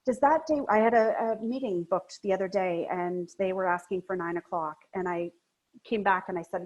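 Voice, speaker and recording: A woman coach giving a training presentation in a lively, emphatic, conversational way. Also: normal speed, dull audio. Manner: high-energy, emphatic talker.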